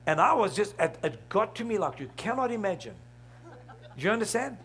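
A man's voice: sits high, sing-song, brisk, a bit bright. A middle-aged man preaching a sermon, asking the congregation questions and laughing along with them. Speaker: pastor.

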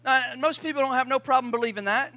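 A man's voice: very high voice, fast talker, pushed and bright, dry recording. A man pastor preaching a sermon, emphatic and calling out to his congregation for responses.

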